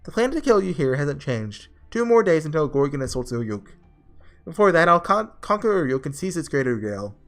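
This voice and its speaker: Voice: big pitch swings, moderate pace, faint music behind. A reader reading aloud the lines of a proud young goddess of the underworld in a game, haughty and easily flustered. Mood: menacing. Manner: haughty then shrill and flustered.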